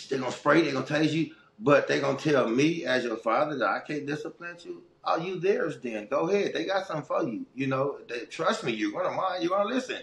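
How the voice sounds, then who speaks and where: Gravelly streetwise man from Los Angeles. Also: a little high, a little fast, hardly any pauses, roomy sound. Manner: animated, streetwise, heartfelt. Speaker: interview guest. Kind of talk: casual storytelling.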